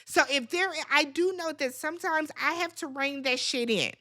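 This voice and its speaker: A woman's voice: high-pitched, normal speed, sharp tone. A woman hosting a reality TV recap, giving blunt, profane, exasperated commentary straight to her viewers.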